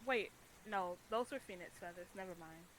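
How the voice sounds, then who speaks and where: A woman's voice: lowish voice, brisk, a bit bright, poor audio. A woman playing in a tabletop game, talking in a rambling, playful way with many fillers. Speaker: player. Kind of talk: casual tabletop play.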